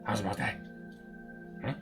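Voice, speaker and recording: A man's voice: normal speed, fairly bright tone, soft background music, close to an everyday voice. A man voicing a cruel male pirate captain who sneers and taunts his captive. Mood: gloating. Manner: sneering, mocking threats.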